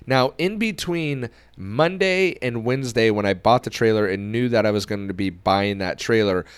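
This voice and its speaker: Male podcast host, young adult, animated storyteller, clean resonant tone. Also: lowish voice, clear, resonant tone, no echo. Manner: animated storyteller who acts out quoted dialogue.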